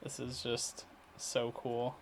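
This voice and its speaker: Slow rambling man, video diary. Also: mid-range voice, completely flat delivery, slight background noise. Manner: rambling, halting, many fillers and restarts; clears throat often. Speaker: vlogger. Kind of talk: casual daily video diary. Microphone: computer recording setup.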